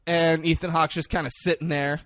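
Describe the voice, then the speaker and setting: A man's voice: a little high, a little fast, no room sound, studio quality. A man co-hosting a podcast who retells a movie in casual chat, swearing freely and acting out the characters' lines. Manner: animated storytelling with profanity and acted-out quotes. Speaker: podcast co-host.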